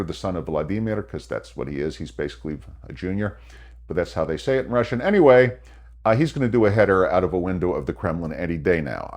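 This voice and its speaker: A man's voice: deep voice, darkish tone. An older American man hosting his own small podcast, talking in a chatty, wry monologue and correcting himself as he goes. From United States. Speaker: podcast host. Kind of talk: casual commentary monologue. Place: home setting in Phoenix.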